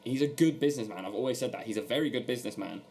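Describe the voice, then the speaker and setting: A man's voice: mid-range voice, very fast, a little mellow, slight background noise. A man co-hosting a podcast in casual chat, rambling with lots of fillers and giving blunt opinions. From not American. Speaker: podcast co-host.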